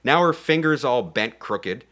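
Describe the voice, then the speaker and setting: A man's voice: medium pitch, a little slow. A man co-hosting a podcast, casually and profanely recapping a film and acting out characters as he goes. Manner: animated, profane, acts out characters. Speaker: podcast co-host. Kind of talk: casual comedic movie recap.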